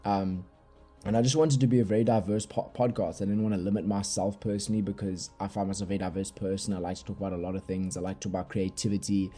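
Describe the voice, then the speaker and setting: A young man with a South African accent, hosting a casual solo podcast from his bedroom in a relaxed, rambling, slangy way, recorded on a laptop microphone. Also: deep voice, fast talker, breathy edge, faint music behind. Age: young adult. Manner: laid-back, rambling, slangy. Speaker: podcast host. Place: bedroom at night.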